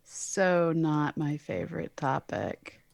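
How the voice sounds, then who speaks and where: A woman's voice: low-pitched, takes it slowly, vocal fry, no room sound. A woman co-hosting a casual science podcast as an astronomer, explaining with wry, sarcastic asides. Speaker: co-host, astronomer.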